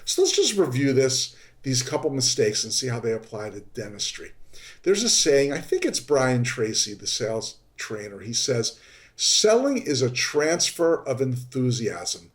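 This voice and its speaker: A man hosting a podcast, telling a story in an animated way and jumping high in pitch when he acts out his exasperation. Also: a little slow. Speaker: podcast host. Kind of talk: storytelling monologue. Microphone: podcast microphone.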